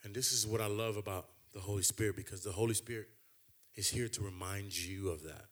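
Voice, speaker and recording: A man preaching a sermon in a conversational way, repeating phrases and building to loud, emphatic peaks. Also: steady tone, fairly quick. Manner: impassioned, builds to loud high emphatic climaxes.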